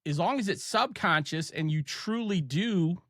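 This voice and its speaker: A man's voice: high voice, animated, fairly bright tone, no echo, studio quality. Chatty Ohio man hosting a podcast. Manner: chatty, storytelling, quick asides and laughs. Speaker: podcast host. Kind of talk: casual podcast chat.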